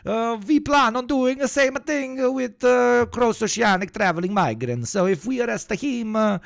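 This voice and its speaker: A man's voice: extremely high pitch, normal speed, gravelly, voice pushed up. A man putting on a blustering mock-Italian accent as a pompous Italian man, full of filler and mock indignation. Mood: mock-bewildered. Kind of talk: comedic impression on a livestream.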